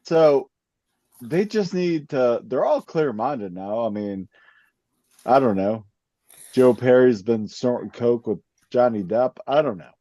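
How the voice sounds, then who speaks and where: A man in casual chat, talking slowly in a blunt, shrugging way. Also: medium pitch, expressive, mellow, no echo. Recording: dry, dull lo-fi sound.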